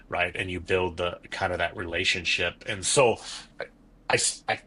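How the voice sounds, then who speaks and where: A man's voice: sits low, fairly even intonation, normal speed, sharp tone, husky. A man, a business owner guesting on a podcast, telling candid stories about his work. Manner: candid, storytelling, self-critical. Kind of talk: casual conversational interview.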